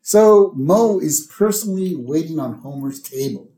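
Male podcast co-host, very animated pitch, lively storyteller, casual recap chat. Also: normal speed. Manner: lively storyteller, squeals in high voices for characters.

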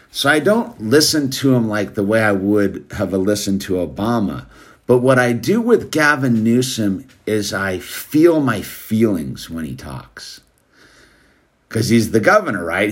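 A man hosting a show, rambling casually in a laid-back way and calling listeners "dude.". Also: fairly low pitch. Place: California.

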